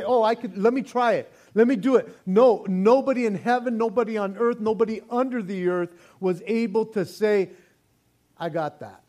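Older male pastor, fairly high voice, animated joking sermon delivery. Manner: animated, joking preacher with many restarts.

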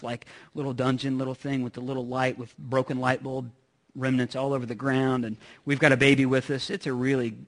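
A man's voice: medium pitch, fairly bright tone. A man preaching a sermon in a conversational way, telling a personal story with joking asides. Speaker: pastor.

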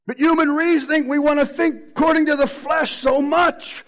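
A man preaching a sermon with animated delivery, acting out the voices he quotes. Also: very high voice, moderate pace, poor audio.

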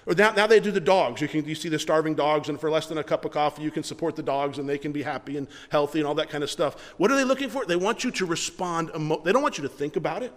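A male pastor preaching a sermon, emphatic and repeating his words, slowing down to read scripture. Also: a little high. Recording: long hall reverb.

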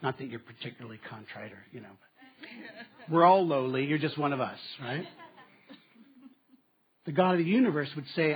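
A man preaching a sermon, moving between strong statements and quiet asides. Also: fairly high pitch, animated, moderate pace, long pauses, husky. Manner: dynamic preaching, dropping to quiet asides with laughs. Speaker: pastor. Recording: slightly dull, muffled sound.

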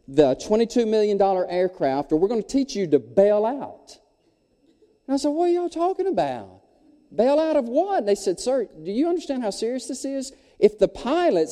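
A male pastor, telling a story in a sermon and acting out the voices of the people in it. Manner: animated storyteller, acting out quoted voices with big pitch jumps. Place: large church hall. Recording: long hall reverb.

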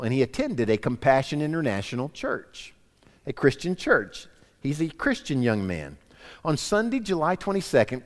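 A man preaching a sermon, lively and swinging between strong and soft delivery. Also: medium pitch. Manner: animated preaching, drops to soft quoted lines. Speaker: pastor. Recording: church hall reverb.

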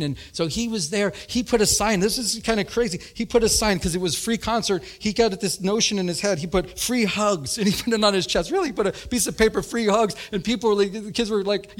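Man, middle-aged, pastor, sermon, animated storytelling, somewhat high voice. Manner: animated storytelling, laughing, rising to high emphatic peaks.

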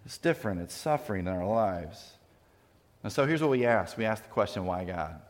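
A man's voice: on the low side, animated, fairly quick. A man preaching a sermon as a pastor, earnest and conversational, often restarting his words. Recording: long reverb of a hall.

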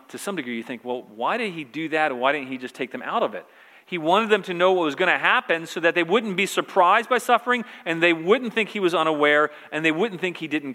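A man's voice: on the high side, sharp tone. A man preaching a conversational sermon, repeating phrases for emphasis. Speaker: pastor. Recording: reverberant hall.

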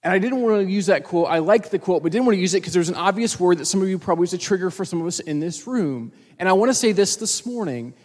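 A man preaching from the pulpit with a fairly high voice, earnest and conversational, as if talking straight to the congregation. His words ring out with the long reverb of a church sanctuary. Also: fast talker, hardly any pauses, a little mellow. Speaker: pastor. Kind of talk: sermon.

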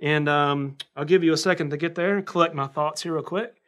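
A man with a Southern accent from North Carolina gives a relaxed sermon to a camera. His voice sits a little high, and he keeps checking in with his listeners as he talks and reads scripture aloud. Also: brisk. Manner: conversational, checks in with "right?" often. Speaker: pastor. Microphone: camera recording.

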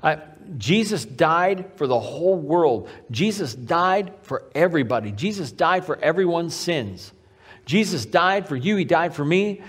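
A man preaching a sermon as pastor, repeating key phrases for emphasis and slowing down on the main points. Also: high voice, husky. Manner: varies pace, slowing on key lines.

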